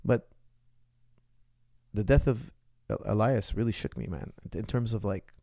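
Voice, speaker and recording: A man's voice: on the low side, measured pace, mellow, no room sound, clean studio sound. A man in his forties, a martial arts coach, answering viewer questions in an emphatic way and often checking in with "okay?". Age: 40s.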